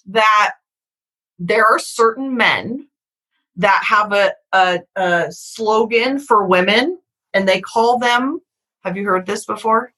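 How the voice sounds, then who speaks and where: Bright-voiced woman podcast host. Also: medium pitch, takes it slowly, rough recording. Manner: frank, emphatic, swears casually. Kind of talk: candid podcast conversation.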